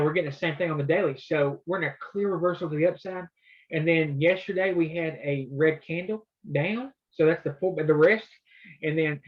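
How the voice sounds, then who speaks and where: A man's voice: on the high side, dull audio. A man coaching trading in a loose, conversational way, walking through his charts. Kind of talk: casual live coaching session.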